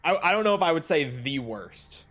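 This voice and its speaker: A man's voice: a little high, big pitch swings, normal speed, a bit bright. Chatty gamer man rambling over gameplay. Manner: rambling, chatty, self-correcting. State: has the hiccups. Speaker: gaming streamer. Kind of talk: casual gameplay commentary.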